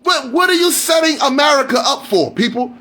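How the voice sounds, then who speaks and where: A man on a live stream, delivering a heated, profane rant, often shouting and repeating questions at his listeners. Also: very high voice, a little fast.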